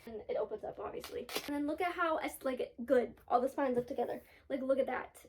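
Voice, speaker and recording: A woman's voice: high-pitched, fast talker, slight background noise. A young woman chatting casually in a reading vlog, bubbly and giggly, with lots of filler words. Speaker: book vlogger.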